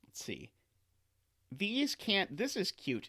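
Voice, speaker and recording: A man streams himself solving a sudoku, talking through each step out loud. He keeps catching his own mistakes and taking them back, and he tosses in playful remarks to his viewers. His pitch swoops lively up and down as he works. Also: unhurried. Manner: talks to himself, corrects himself often, playful asides. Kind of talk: live-streamed puzzle solving, thinking aloud.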